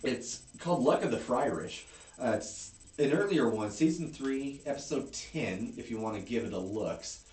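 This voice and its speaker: A man's voice: medium pitch, lively intonation, normal speed, darkish tone, echoey room, recorded from a distance. A man co-hosting a casual beer podcast, swearing often and telling stories with animation. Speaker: podcast co-host. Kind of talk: casual beer-tasting chat.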